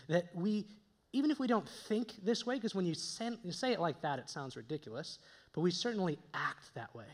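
A man's voice: high-pitched, expressive, a little fast. A young man preaching a conversational sermon, with joking asides to his listeners. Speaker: pastor.

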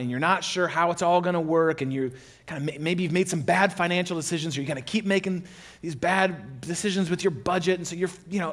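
A man preaching as pastor in a gentle, encouraging, conversational way, acting out a listener's inner thoughts in quoted asides. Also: high voice. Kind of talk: sermon.

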